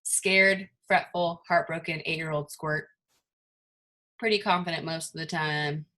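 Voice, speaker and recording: A woman's voice: low-pitched, steady tone, unhurried, sharp tone. A woman leading her team in a chatty, motivational talk over a video call, full of rhetorical questions. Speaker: team leader.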